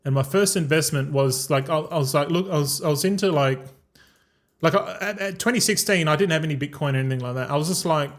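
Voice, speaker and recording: A man's voice: on the high side, fast. A man in his thirties with an Australian accent, rambling and swearing through casual livestream chat and calling his viewers bro. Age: 30s. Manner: rambling and profane, keeps saying bro. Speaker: gaming streamer.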